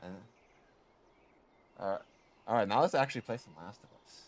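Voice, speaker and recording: A man's voice: fairly low pitch, lively intonation, fairly quick. A man streaming, chatting casually and rambling with lots of filler words. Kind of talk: casual gaming stream chat. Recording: game music under the voice. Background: music.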